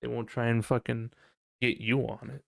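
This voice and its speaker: A young man hosts a podcast and talks through a heated, swearing rant that breaks into laughs. His mid-range voice has a gravelly edge. The sound is close and dry, with no room in it. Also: medium pitch, moderate pace, no echo. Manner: profane, animated ranting with frequent laughs. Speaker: podcast host. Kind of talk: casual ranting chat.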